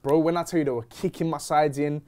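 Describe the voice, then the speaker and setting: A young man telling a story in casual chat, slangy and animated. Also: a little high, fast talker. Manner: animated, slangy, retelling with quoted dialogue. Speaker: host.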